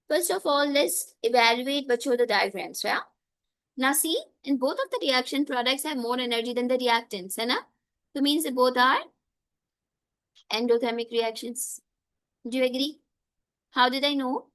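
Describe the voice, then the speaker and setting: A woman's voice: high-pitched, normal speed, a bit bright. Woman teaching chemistry. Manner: checks in often with "okay?" and students' names. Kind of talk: live online class teaching.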